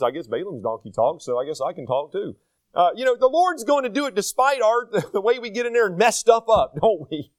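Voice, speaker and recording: An older man preaches in a high voice that swoops up and down. His folksy, self-deprecating sermon is full of rhetorical questions, and the sound is close and dry. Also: dry recording. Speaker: pastor.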